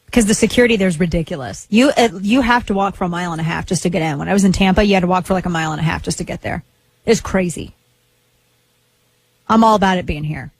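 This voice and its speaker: A woman's voice: fairly low pitch, quick pace, gravelly, breathy edge, no room sound. A woman hosting a talk radio show, chatting casually in a rambling, playful way with lots of asides.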